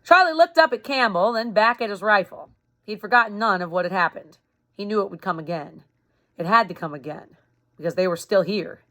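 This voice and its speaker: A woman's voice: mid-range voice, a little fast, a bit bright. A woman reading a chapter book aloud to a youth group, breaking off now and then with chatty explanations. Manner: chatty, explains and rereads slips. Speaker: reader for a youth club. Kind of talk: reading a novel aloud with casual asides.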